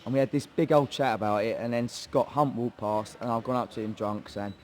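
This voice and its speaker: A young English man with a Hertfordshire accent spins a loose, laddish story about his start in cage fighting. His pitch sits in the middle, his talk is full of swearing and mimicked voices, and a faint hiss runs under the recording. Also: steady tone, a little fast. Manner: chatty, swearing, laddish banter, acts out quoted voices. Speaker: guest, MMA fighter. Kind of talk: casual storytelling interview.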